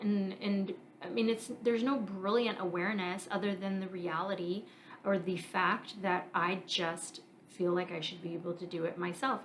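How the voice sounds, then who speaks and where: A woman in her thirties talks straight into the mic in a candid solo podcast, earnest and reflective. She thinks out loud, pausing on fillers as she works through her feelings. Her voice sits at a medium pitch, with a faint hiss of background noise. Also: poor audio. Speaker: podcast host.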